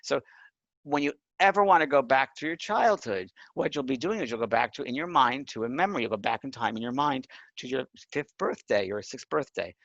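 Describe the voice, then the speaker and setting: A man's voice: medium pitch, lively intonation, fairly quick, a bit bright, no room sound, lo-fi sound. A man teaching a course on mediumship, talking earnestly and emphatically and checking in with his listeners. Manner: earnest, emphatic, often asks the listener "right?". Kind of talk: spoken lesson.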